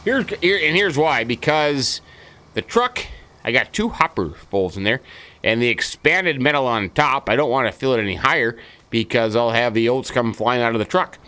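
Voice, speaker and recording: A man's voice: mid-range voice, lively intonation, moderate pace, sharp tone, clean tone, low-quality recording. A man hosting a farming-game let's-play, chatting casually in a folksy, rambling way and repeating his stock phrases. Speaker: gaming channel host.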